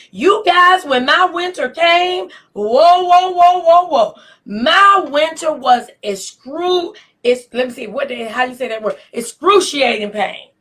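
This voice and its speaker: A woman's voice: sits high, bright, forceful tone. An older woman speaking to camera in a faith-based motivational talk, telling her own story in an emotional, exclamatory, testifying way. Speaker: inspirational speaker.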